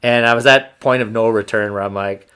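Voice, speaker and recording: A man hosting a podcast, telling a hunting story in a casual, animated, profane way. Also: on the low side, a little fast, clean tone. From Canada. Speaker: podcast host.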